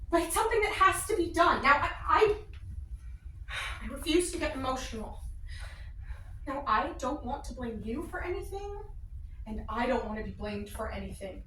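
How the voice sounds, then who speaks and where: An actress playing a young pregnant wife who is set on leaving her husband, speaking with a halting, forced calm. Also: sits high, slight background noise. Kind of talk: dramatic scene acting. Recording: roomy distant mic, faint ambience.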